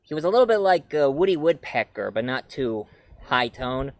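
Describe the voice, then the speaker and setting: Rambling man with lively pitch. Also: moderate pace, no echo. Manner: rambling, frequent fillers, breaks into cartoon voices. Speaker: reviewer. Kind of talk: casual spoken review.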